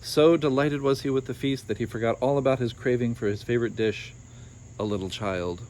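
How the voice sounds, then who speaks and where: A man's voice: mid-range voice, steady tone, brisk, darkish tone. A man reading a children's story aloud, adding wry asides of his own.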